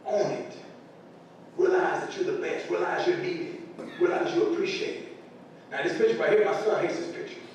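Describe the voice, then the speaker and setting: A man's voice: huge pitch swings, normal speed, darkish tone. A middle-aged man gives an earnest, emotional motivational speech to school staff. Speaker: parent speaking to school staff. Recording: echoey large room from far off, faint rumble.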